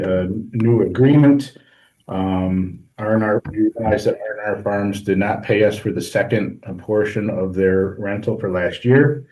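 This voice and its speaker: A man chairing a board meeting, reading the budget report with many pauses and ums. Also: deep voice, mellow, rough recording. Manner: halting, many ums and uhs. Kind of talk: meeting business.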